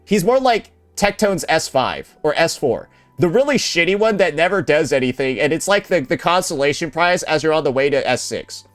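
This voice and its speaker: A man's voice: a little high, lively intonation, moderate pace, hardly any pauses, fairly bright tone. A man giving casual ranting commentary, blunt and sarcastic, often repeating himself and swearing. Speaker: commentary YouTuber.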